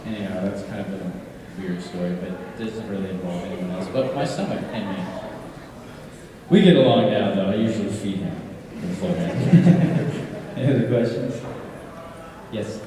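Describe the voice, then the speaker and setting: A man who works as a voice actor, answering fan questions at a convention panel with animated, self-deprecating stories and frequent laughter. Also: on the low side, moderate pace. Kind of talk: casual Q&A storytelling. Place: large convention hall with an audience. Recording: echoey hall, far from mic, crowd noise.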